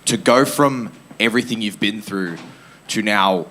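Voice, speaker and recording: Deep-voiced reporter in a noisy room. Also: male voice, a little slow, a bit bright. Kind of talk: asking a long question at a press conference.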